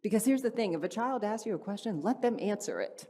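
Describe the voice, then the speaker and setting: On a church hall stage before an audience, a woman delivers an inspirational talk at a church gathering, speaking fast at medium pitch. She shares a personal story conversationally, often questions the audience, and playfully acts out a dialogue with her child.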